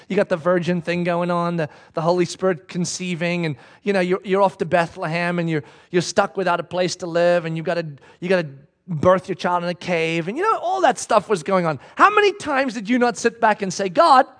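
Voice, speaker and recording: A male pastor preaching a sermon in a church, animated and swinging from loud to hushed. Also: high voice.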